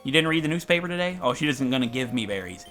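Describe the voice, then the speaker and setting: A man's voice: medium pitch, expressive, very fast, a bit bright. A man giving chatty, enthusiastic let's-play commentary over game music, rambling between thoughts. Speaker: gaming commentator.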